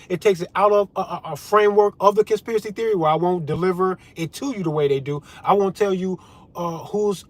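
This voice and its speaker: A man with a slightly high voice rants at his viewers, heated and full of swearing. He talks straight to the camera in a loose, worked-up commentary that swings between shouting and muttering. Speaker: political commentary vlogger. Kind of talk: profane ranting commentary.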